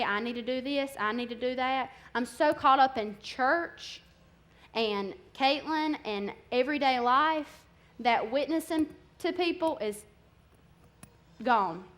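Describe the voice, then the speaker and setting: A woman's voice: sits high, fairly bright tone. Impassioned young woman preaching. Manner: candid, impassioned, conversational preaching. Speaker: guest speaker. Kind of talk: sermon.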